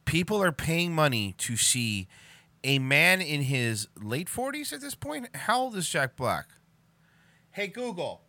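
A man's voice: on the high side, big pitch swings, a little slow, pushed and bright, no echo. A man ranting sarcastically and swearing a lot as he reacts to a video for comedy. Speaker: reaction commentator. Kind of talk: profane comedic reaction commentary.

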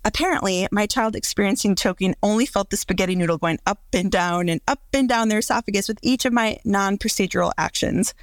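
A mother recounting a family mishap in a self-deprecating, measured way. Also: mid-range voice, dry recording. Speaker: mother telling a story. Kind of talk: casual personal storytelling.

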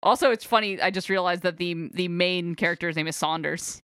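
A woman's voice: on the low side, fairly quick, a bit bright, smooth, dry recording, studio quality. Giggly woman recapping a story. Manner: giggly, rambling with many fillers. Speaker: podcast co-host recapping a book. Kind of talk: casual chat.

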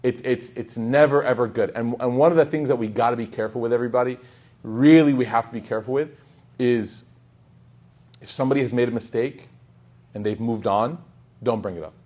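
A man giving a casual sermon to a live audience, talking in a relaxed, conversational way, repeating lines for emphasis, often asking "right?" and quoting Arabic scripture. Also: medium pitch, a little fast. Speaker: Islamic preacher.

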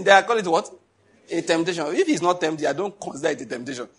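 A man's voice: fairly high pitch, lively intonation, quick pace, breathy edge. A man preaching a sermon, telling stories and acting out the dialogue with a laugh. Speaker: pastor.

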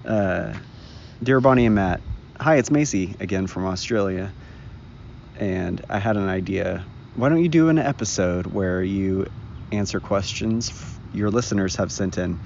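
A man's voice: sits low, measured pace, vocal fry, darkish tone. A man co-hosting a podcast, chatting casually and rambling outdoors in a park. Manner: rambling, laughs often. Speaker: podcast co-host. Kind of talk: casual chat. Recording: dull lo-fi recording, faint noise.

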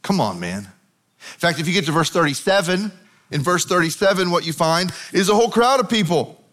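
A man preaching a sermon, telling a Bible story in a conversational, animated way. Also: high voice, moderate pace. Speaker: pastor.

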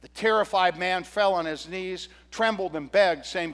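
A male pastor preaching a sermon, retelling a parable with animated, humorous storytelling. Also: high-pitched, unhurried, hardly any pauses, long reverb tail.

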